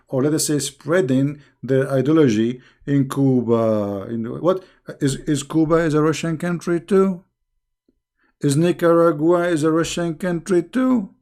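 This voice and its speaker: Gravelly, emphatic man scolding his viewers. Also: fairly high pitch, darkish tone. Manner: restarts often, repeating words. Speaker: online show host answering viewer questions. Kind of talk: live stream Q&A commentary.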